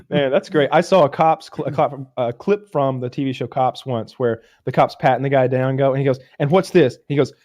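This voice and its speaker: A man's voice: medium pitch, a little fast, darkish tone. A man co-hosting a casual podcast, telling a rambling story full of restarts, acted-out quotes and laughter. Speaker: podcast co-host.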